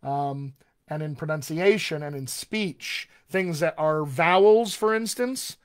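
Man, American accent, slightly high voice, dialect coach, live Q&A, explanatory. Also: takes it slowly. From United States. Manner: explanatory, reads out viewer questions and demonstrates mouth sounds. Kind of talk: live online Q&A teaching.

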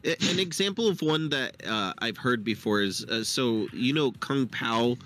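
A man's voice: medium pitch, lively intonation, moderate pace, fairly bright tone, soft background music. A man talking casually on a live stream, hesitant, with lots of fillers and restarts. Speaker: podcast host. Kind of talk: casual chat.

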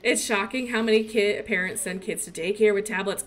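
A woman's voice: medium pitch, fairly even intonation, brisk, soft background music. A young woman in her twenties chatting casually while she plays, rambling about her son and laughing often. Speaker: gaming streamer and mother. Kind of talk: casual chat while playing.

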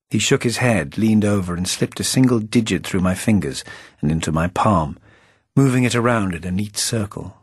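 A man reading his own novel aloud as an audiobook, narrating in a dry, wry and measured way. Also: fairly low pitch, breathy edge, no room sound.

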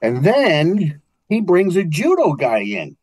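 A man's voice: a little high, slow, breathy edge, no echo. An older man with a New York accent, telling martial arts stories as a guest in an interview. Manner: animated storyteller, acts out quotes. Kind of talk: storytelling interview.

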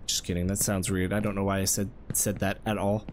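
A man doing let's-play commentary, anxiously coaching and scolding himself out loud, his voice jumping high under stress. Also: a little fast, hardly any pauses, slight background noise. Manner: anxious self-talk, scolding and coaching himself through jumps. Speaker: gameplay commentator.

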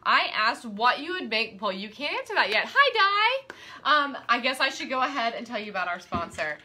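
A woman hosting a live-streamed quilting class, bubbly and excitable, chatting and easily sidetracked. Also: on the high side, moderate pace. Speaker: quilting teacher and host.

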